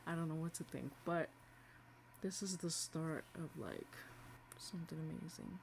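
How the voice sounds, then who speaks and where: A woman vlogging casually, chatty and excitable, talking straight to her viewers. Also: low-pitched, unhurried, pauses often. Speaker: beauty and fitness vlogger. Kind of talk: casual vlog diary.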